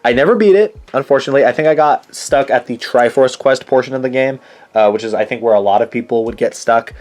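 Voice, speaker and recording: A man's voice: mid-range voice, quick pace, a little mellow. A young man hosting his own channel, chatting casually and rambling through his game collection, often correcting himself mid-sentence. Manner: rambling, chatty, self-correcting with many fillers. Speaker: channel host.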